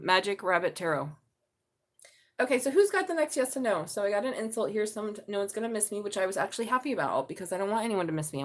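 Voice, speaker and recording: A woman's voice: medium pitch, a bit bright. A middle-aged woman reading tarot on a casual live stream, blunt and chatty, swearing freely. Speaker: tarot reader.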